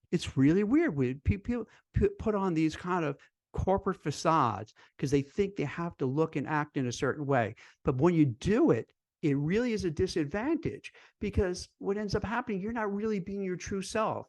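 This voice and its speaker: A man, a recruiter and career coach, giving casual job-interview advice in a chatty, animated way, full of "you know" and "like". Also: sits high, normal speed, no room sound. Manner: conversational, lots of fillers like "you know" and "like"; animated, acts out quoted voices. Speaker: recruiter and career coach hosting a live stream.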